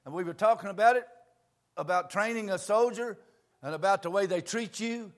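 An older preacher with a high-pitched voice delivers a folksy sermon. He swings between quiet, confiding asides and loud, shouting bursts. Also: brisk.

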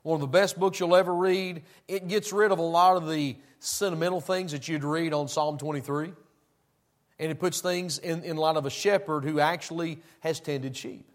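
A man preaching a sermon, swinging between loud emphasis and quiet asides. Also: a little high, steady tone, moderate pace.

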